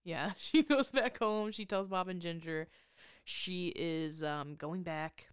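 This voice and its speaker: A woman's voice: on the low side, takes it slowly, clean tone, dry recording, studio quality. A woman co-hosting a podcast, recapping a movie in casual chat with sarcastic, swearing asides. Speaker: podcast co-host.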